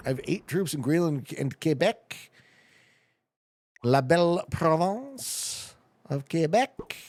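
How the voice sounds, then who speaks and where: A man's voice: mid-range voice, darkish tone, no echo. A man streaming a strategy game live, commenting on his moves, laughing and chatting with his viewers.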